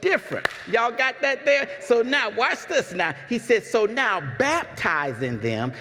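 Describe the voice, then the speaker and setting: A man's voice: very high voice, sing-song, a little slow, big-room sound, noisy background. A man preaching a sermon to his congregation in a conversational way, often repeating words and asking the room questions. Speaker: pastor. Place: church sanctuary.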